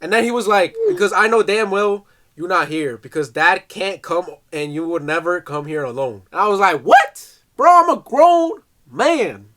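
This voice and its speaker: Bright-voiced young man telling a prank story. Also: high voice. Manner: animated, reads out texts in a mock voice, jokey. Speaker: vlogger. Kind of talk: casual storytelling vlog. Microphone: phone.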